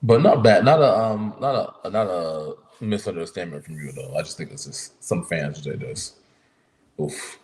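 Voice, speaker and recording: A man co-hosting a wrestling podcast, explaining his view in a halting way and firing off questions. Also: low-pitched, animated, darkish tone, low-quality recording. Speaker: podcast co-host. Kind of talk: casual wrestling review chat.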